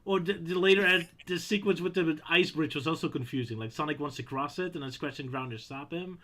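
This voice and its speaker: A man's voice: fairly high pitch, brisk, sharp tone. A man co-hosting a podcast, chatting casually and picking apart a cartoon's clumsy writing. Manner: puzzled, critical, laid-back remarks. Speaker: podcast co-host. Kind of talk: casual chat.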